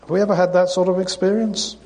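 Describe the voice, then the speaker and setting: A man gives a sermon from the front of a church. His voice sits slightly high and his tone is chatty and informal, and he gets louder and more earnest when he reads scripture. A long reverb from the church hall hangs after his words. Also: little pitch movement, fast. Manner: conversational, reads scripture with rising emphasis. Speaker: preacher. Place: church sanctuary.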